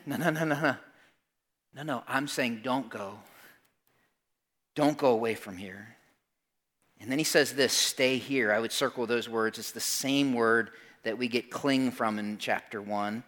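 Bright-voiced male preacher telling a story. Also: medium pitch, unhurried, pauses often. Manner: animated storytelling, drops to a soft hush for tender moments. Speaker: pastor. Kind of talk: sermon.

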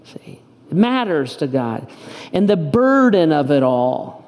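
A man's voice: fairly high pitch, sing-song, slow pace, darkish tone, big-room sound. A man preaching a sermon as pastor, in an impassioned, emphatic way with lots of repetition. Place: church auditorium.

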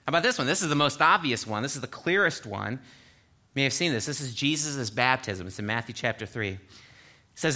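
A man's voice: mid-range voice, lively intonation, fast, pushed and bright. A man preaching a sermon, reading scripture aloud and breaking in with explanatory asides. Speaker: pastor.

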